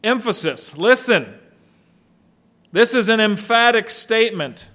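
A man's voice: high voice, lively intonation, measured pace, sharp tone. A middle-aged man preaching a sermon as pastor, emphatic, asking rhetorical questions of the congregation.

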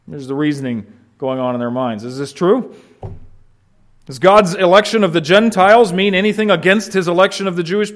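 Male pastor, lively expository preaching, slightly high pitch, asks the room questions. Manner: animated, rhetorical questions, acts out quoted shouts. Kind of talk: expository sermon.

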